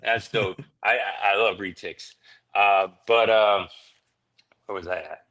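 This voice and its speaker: Casual male podcast guest, bright lowish voice, rambling storyteller. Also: steady tone, takes it slowly. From Florida. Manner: laid-back, rambling, peppers speech with "man" and "dude". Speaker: reptile breeder, podcast guest.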